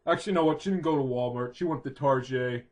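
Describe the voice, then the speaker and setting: A man's voice: medium pitch, fast. A man narrating an improvised parody retelling in a rambling, crude way, full of fillers and hesitations. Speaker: comedic narrator.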